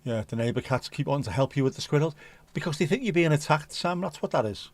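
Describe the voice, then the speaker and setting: A man's voice: on the high side, expressive, fast, dry recording. A man hosting a casual livestream who reads viewer comments in a jokey, rambling, playful way. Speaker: livestream host.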